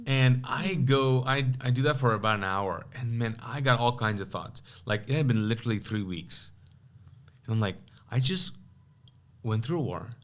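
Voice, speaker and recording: A man's voice: medium pitch, normal speed. A pastor from Kuwait telling his personal testimony as a podcast guest, acting out the voices of both people in an old conversation. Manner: animated, acts out quoted dialogue with many asides.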